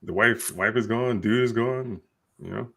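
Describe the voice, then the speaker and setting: A man's voice: mid-range voice, unhurried, gravelly, bright, forceful tone. Blunt, profane man in casual chat. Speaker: podcast co-host.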